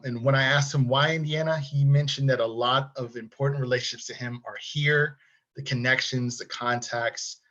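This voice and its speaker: A man's voice: medium pitch, a bit bright. A man hosting an interview over a video call, reading a formal introduction and then chatting casually with his guest. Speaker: host. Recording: dull lo-fi sound.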